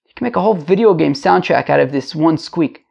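A man teaches a casual daily Talmud class. He is rambling and chatty, with joking asides, and his voice is gravelly. The recording is a little dull and lo-fi. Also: on the high side, animated, fast, a little mellow. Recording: lo-fi home mic.

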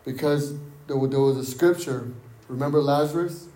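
A man's voice: medium pitch, normal speed, dark tone, roomy sound. A man preaching an interactive sermon, repeating key words for emphasis and asking his group questions. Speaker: preacher leading a Bible study.

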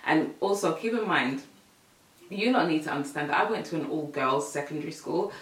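Young woman host, casual lively storytelling, somewhat distant from the mic. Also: deep voice, brisk. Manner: animated, laughing, acts out voices in the story. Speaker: podcast host. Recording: echoey room, voice set back from the mic.

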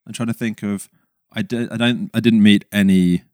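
A young man from England, chatting casually as a podcast guest, self-deprecating and quick to laugh. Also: lowish voice, fairly even intonation, a little mellow, no echo, studio quality. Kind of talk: casual chat.

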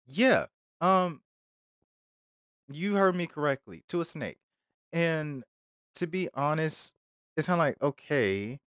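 A man's voice: on the high side, very animated, takes it slowly, pauses often, fairly bright tone, smooth, no room sound, clean studio sound. A man hosting a podcast episode, talking casually and rambling with lots of fillers and wry asides. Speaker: podcast host reviewing a film. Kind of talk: casual chat.

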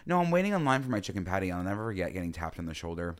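A man co-hosting a podcast, telling stories in an animated, laughing, mock-exasperated way. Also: sits low, very fast. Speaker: podcast co-host. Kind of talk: casual chat.

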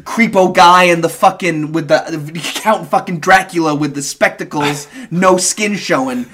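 A man's voice: fairly high pitch, moderate pace, fairly bright tone, a little hiss or hum. A young man telling a rambling, profane story on a casual podcast. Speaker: podcast co-host.

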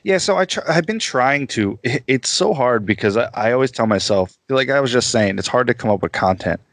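A man chatting casually as a guest on a podcast, easygoing and quick to laugh at himself. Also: mid-range voice, lively intonation, a bit bright, no room sound, studio quality.

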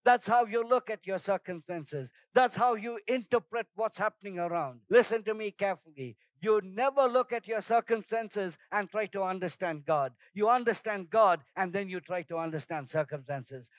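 A man's voice: high-pitched, normal speed, few pauses, dry recording. A man preaching a sermon as pastor, telling personal stories and calling on the congregation to respond. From outside Singapore, first trip abroad. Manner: storytelling, animated shouts in anecdotes.

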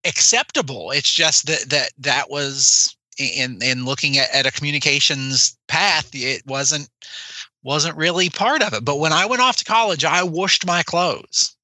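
A man's voice: fairly high pitch, measured pace, sharp tone, no echo. A man from West Virginia, co-hosting a casual podcast chat and rambling with restarts. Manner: rambling, self-correcting. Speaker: podcast co-host.

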